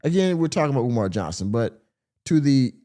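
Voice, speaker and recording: Mellow rambling podcast host. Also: male voice, mid-range voice, very animated, fairly quick. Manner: rambling, heavy on fillers. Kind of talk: casual reaction commentary.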